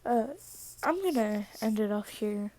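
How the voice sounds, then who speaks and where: A woman's voice: medium pitch, expressive, measured pace, warm tone, no echo. A tired woman casually retelling a fan story, rambling with "so" and "yeah" as she goes.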